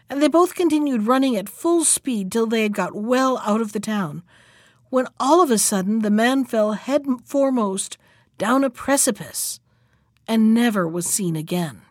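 A woman storyteller reads a fairy tale aloud, expressive and measured, her voice sitting a little high. The sound is dry and close to the mic. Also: dry recording.

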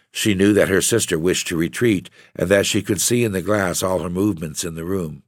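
A man narrating a gothic story with a measured, deliberate reading. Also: deep voice, no room sound, clean studio sound. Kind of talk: scripted narration of a gothic tale.

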